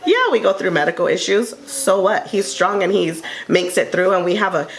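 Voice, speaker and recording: A woman co-hosting a casual table talk, telling a heartfelt personal story in an earnest way with many pauses and ums. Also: mid-range voice, expressive, a little hiss or hum. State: tearful at moments. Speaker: panel co-host sharing her story.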